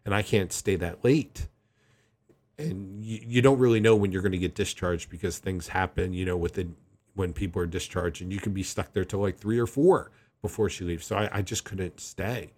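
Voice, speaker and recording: A man's voice: sits low, normal speed. A man telling a personal story to camera in a casual, rambling way, often restarting his sentences. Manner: rambling, animated retelling with frequent restarts. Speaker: vlogger.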